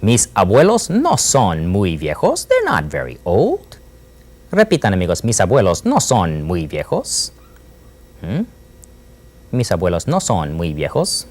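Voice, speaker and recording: A man teaching a Spanish lesson, repeating phrases slowly and prompting with little "Hmm?" checks. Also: low-pitched, huge pitch swings, a little mellow. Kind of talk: classroom language lesson.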